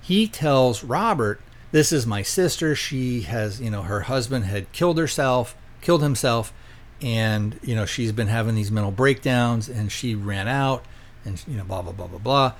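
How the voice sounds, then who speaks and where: Male podcast host, mid-pitch, casual rambling plot recap with offhand quoted lines. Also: animated, moderate pace. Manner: rambling, quotes characters loosely, lots of fillers. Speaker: podcast host reviewing films.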